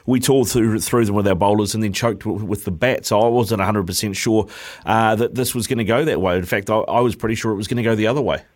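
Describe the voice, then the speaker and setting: A man hosting a casual sports chat, relaxed and jokey as he steers the talk. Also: on the low side, quick pace. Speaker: host.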